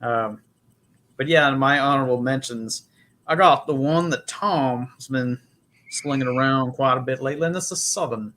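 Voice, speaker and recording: A man's voice: mid-range voice, moderate pace, a bit bright. Profane, joking man co-hosting a podcast. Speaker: podcast co-host. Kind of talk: casual chat.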